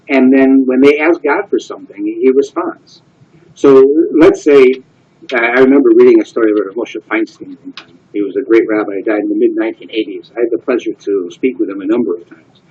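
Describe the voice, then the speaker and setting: Man, rabbi, Torah class; husky mid-range voice, earnest and conversational, muffled lo-fi recording. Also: medium pitch, fairly quick, mellow. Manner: earnest, conversational, often asks "right?".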